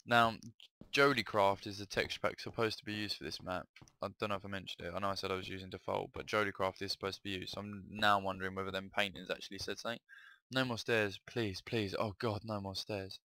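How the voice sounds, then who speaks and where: A man's voice: lowish voice, little pitch movement, quick pace, bright, forceful tone. A young man giving jumpy let's-play commentary on a horror map, swearing freely when startled. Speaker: gaming video host.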